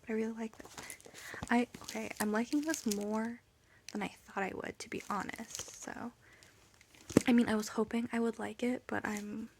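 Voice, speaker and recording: Giggly, whispering woman with vocal fry. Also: on the high side, fairly even intonation, moderate pace, background noise. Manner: giggly, rambling, often whispering. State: tired. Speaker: book vlogger. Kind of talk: late-night casual reading vlog. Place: at home late at night.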